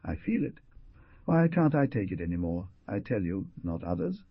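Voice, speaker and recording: A man's voice: sits low, sing-song, moderate pace, slightly rough, dry recording, dull audio, exaggerated voice. A man voicing Columba, a distressed young village bride, with an anxious, plaintive delivery in an audiobook reading.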